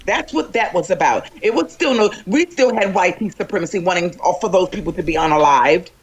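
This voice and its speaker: A panelist speaking in a forceful, profane, emphatic way during a heated political panel chat, calling in remotely. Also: medium pitch, expressive, fairly quick, breathy edge. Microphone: remote call-in to live panel.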